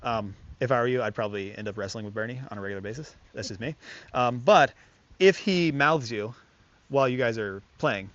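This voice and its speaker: Male dog trainer, casual and chatty, fillers everywhere, mid pitch, muffled lo-fi recording. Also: brisk, a bit bright. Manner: chatty, filler-heavy, talks to the dog in bursts of praise and commands. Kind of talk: casual hands-on lesson.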